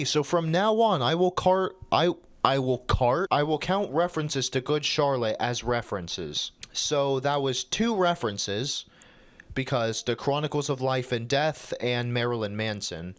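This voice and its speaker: A man's voice: medium pitch, expressive, unhurried. A man reading a fanfic aloud as comic commentary, sarcastic and breaking into incredulous outbursts.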